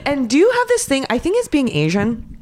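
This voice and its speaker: A woman's voice: high-pitched, wildly swooping pitch, a little fast, a little mellow. A young woman co-hosting a casual chat, telling stories with laughter and playful quoted voices.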